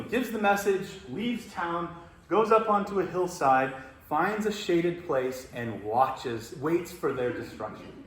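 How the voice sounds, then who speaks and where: A man gives a reflective Bible teaching, pausing often and restarting his phrases. His voice sits a little high for a man. The recording has a roomy echo and a faint hiss underneath. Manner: reflective, hesitant phrasing with many fillers. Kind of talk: teaching talk.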